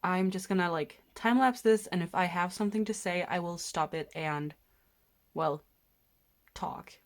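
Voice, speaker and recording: A nineteen-year-old woman from Denmark, chatting casually and excitedly while unboxing, often gasping, giggling and swearing. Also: fairly low pitch, moderate pace. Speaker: vlogger.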